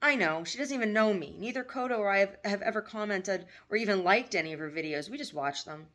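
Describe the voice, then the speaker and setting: A woman's voice: mid-range voice, lively intonation, fast talker, fairly bright tone, close to an everyday voice. A woman reading as an anxious lovesick young man. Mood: earnest.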